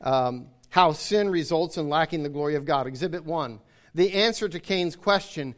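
In an emphatic sermon at normal speed, a man with a high voice keeps repeating key lines to press his points. He also calls to his audience to voice their agreement.

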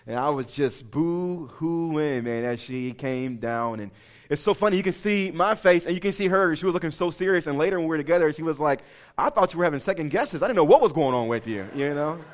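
Animated man preaching a sermon. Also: mid-range voice. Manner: animated storytelling with asides to the congregation. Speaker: pastor. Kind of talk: sermon with personal story.

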